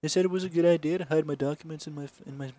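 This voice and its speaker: A man's voice: a little high, fairly even intonation, very fast, a crowd in the background. A young man co-hosting a podcast, joking, swearing and bantering casually. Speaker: podcast co-host. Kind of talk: casual chat. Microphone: podcast microphone.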